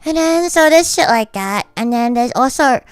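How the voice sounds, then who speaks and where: Woman streamer, higher voice, dry close sound, swears freely while ranting, faint music underneath. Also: animated, moderate pace, clear, resonant tone, no echo. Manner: blunt, profane, ranting storyteller. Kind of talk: casual livestream chat.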